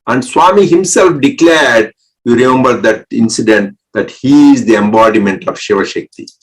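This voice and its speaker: A man giving a spiritual talk, explaining mantras slowly and breaking words into syllables, pausing often for an interpreter. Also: medium pitch, crowd noise, rough recording. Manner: breaks words into syllables, with many restarts and pauses. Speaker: spiritual speaker.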